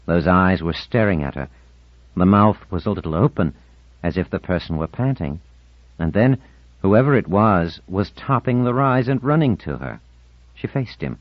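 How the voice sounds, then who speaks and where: A man reading a novel aloud as an audiobook narrator, in a measured, expressive reading. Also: deep voice, no echo. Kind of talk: scripted narration. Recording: dull, dry studio recording.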